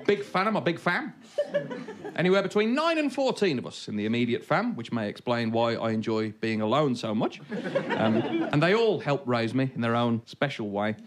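Animated Black Country comedian. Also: male voice, mid-range voice, moderate pace, a little hiss or hum. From Black Country, England. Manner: animated, wry storytelling. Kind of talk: stand-up comedy.

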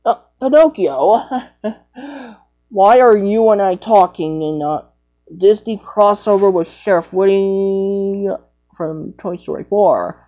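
A woman's voice: medium pitch, slow pace, dark tone, poor audio. A woman rambling through improvised toy play, jumping between made-up character voices.

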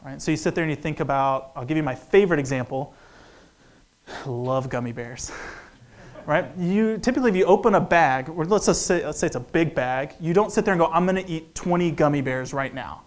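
A man's voice: a little high, lively intonation, a little fast. A man in his thirties giving a joking, conversational economics lecture to an audience, acting out little dialogues. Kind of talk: lively lecture talk.

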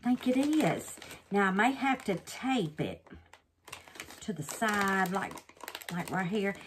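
A woman's voice: fairly low pitch, noisy background. A woman chats through a resin craft demo, exclaiming and calling her viewers babies. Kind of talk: casual craft demo chat.

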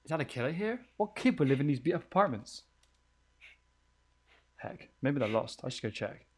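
A man's voice: fairly high pitch, very animated, normal speed, darkish tone, breathy edge. Jumpy, swearing man playing a horror game. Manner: jumpy, swears often, thinks aloud. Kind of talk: let's play commentary.

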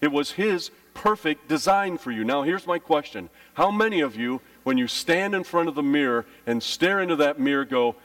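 A man preaching a sermon as pastor, telling stories with lively, dramatic delivery and acted-out cries. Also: a little high, normal speed, few pauses, dry recording, far from the mic. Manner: animated storytelling, acting out his childhood panic with shouts. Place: church.

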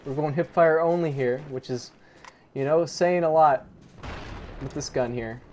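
A man's voice: fairly high pitch, a little slow, darkish tone, a little hiss or hum. A young man giving live gameplay commentary into a desk microphone, rambling and self-mocking, with muttered asides. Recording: gunfire from the game audible. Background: game gunfire.

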